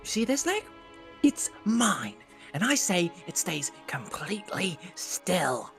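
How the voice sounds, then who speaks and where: A woman plays a paranoid inner voice that trusts no one. Its low voice swoops widely, dropping into urgent whispers. Faint music plays behind it. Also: expressive, moderate pace, a bit bright. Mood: defiant. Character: paranoid inner voice, distrustful and scheming.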